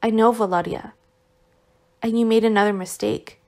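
A woman's voice: a little high, fairly even intonation, moderate pace, vocal fry, darkish tone. A woman voicing an anxious, devoted young wife who pleads earnestly, in an audiobook reading. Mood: pleading.

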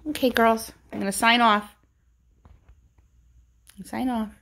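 Filming her dogs indoors at home, a woman chats to them in sing-song baby talk for a casual pet vlog. Her voice sits on the high side, slow and level, with a creaky, slightly bright quality.

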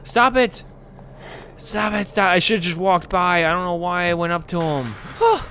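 A man's voice: sits high, fairly even intonation, normal speed, sharp tone, a little hiss or hum. A young man commentating a horror game as he plays, jumpy and panicky, breaking into screams and swearing when something startles him. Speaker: gaming YouTuber.

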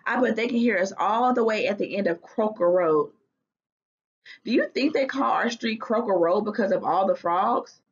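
A woman voicing a lively young girl who coaxes her little brother along in a playful, eager way. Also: mid-range voice, moderate pace, husky. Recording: dull lo-fi recording.

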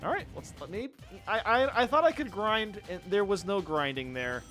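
An excitable young gaming YouTuber gives casual let's play commentary in a high, bouncy voice that leaps all over, bright and sharp, at a moderate pace. He yelps and laughs at the screen while faint game music plays behind him.

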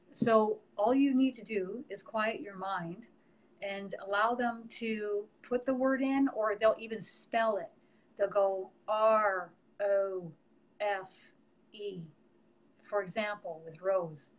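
A woman's voice: medium pitch, low-quality recording. A middle-aged woman, a medium, hosting a casual live stream and chatting about her work with many fillers. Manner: chatty, warm teaching with frequent fillers. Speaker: medium and host.

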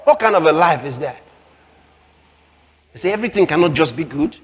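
A male pastor preaching a sermon, emphatic and often shouting, acting out the voices of the people he quotes. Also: fairly high pitch, animated, a little fast. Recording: muffled live recording with crowd and noise.

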